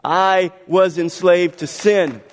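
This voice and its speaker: Man, pastor, sermon, somewhat high voice, long church reverb, quiet-to-loud preaching. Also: fairly even intonation, slow pace, a faint crowd, slight background noise. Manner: dynamic preaching, swinging between soft and loud. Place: church sanctuary.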